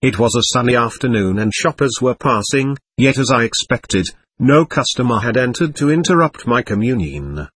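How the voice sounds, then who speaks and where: Husky man reading a memoir. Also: mid-range voice, animated, normal speed, few pauses, fairly bright tone.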